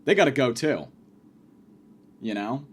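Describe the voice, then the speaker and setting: A man's voice: medium pitch, lively intonation, measured pace, breathy edge. A young man giving a crude, rambling comedic rant about his college.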